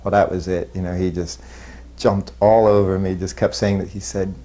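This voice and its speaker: A former disciple with a fairly low, mellow voice reminisces about his years as a disciple in an interview. His speech is halting and self-deprecating, with frequent pauses, restarts, and chuckles between memories, and his pitch barely moves.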